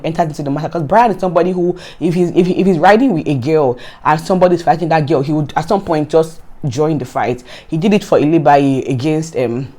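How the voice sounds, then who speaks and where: A Nigerian woman with a low voice recaps a reality show on her vlog. Her commentary is casual and animated, and she often sounds exasperated and repeats herself.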